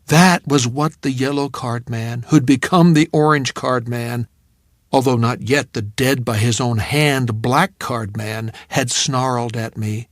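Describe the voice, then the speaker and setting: A man reading a novel aloud in measured, reflective first-person narration on a studio mic. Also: medium pitch, steady tone, no room sound. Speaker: audiobook narrator.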